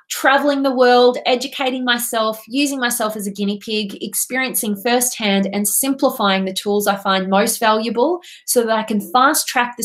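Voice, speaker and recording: Woman coach giving a heartfelt pep talk, kinda high voice, really earnest. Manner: earnest and impassioned, emphatic. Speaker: transformational coach and speaker. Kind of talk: motivational talk to camera.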